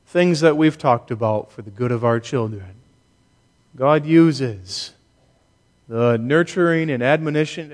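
A man preaching a sermon as a pastor, earnest and emphatic, with deliberate pauses. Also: medium pitch, big-room sound.

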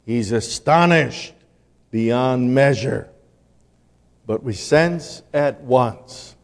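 Slow, solemn male preacher in a hall. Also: mid-range voice. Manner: slow, solemn delivery with dramatic swings from loud to hushed. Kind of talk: sermon. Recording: long hall reverb.

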